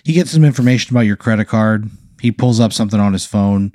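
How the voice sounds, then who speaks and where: A man's voice: lowish voice, quick pace, warm tone, dry recording, studio quality. A man hosting, telling an improvised hypothetical story in a laid-back, casual way with lots of filler words. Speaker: host.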